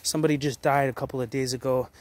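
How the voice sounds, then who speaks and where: A man's voice: mid-range voice, fairly even intonation, racing, darkish tone. A man in his late twenties giving a blunt, heavily profane motivational rant straight to the camera, full of restarts and repetitions. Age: 20s. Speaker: vlogger.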